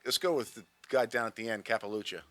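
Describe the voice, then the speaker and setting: A male sports interviewer with a bright, ringing voice, recorded close and dry. He keeps things light, joking with his guests and firing off quick follow-up questions. His pitch sits in an ordinary middle range. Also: no echo. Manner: chatty and joking, lots of quick follow-ups. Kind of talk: casual interview at a media day event.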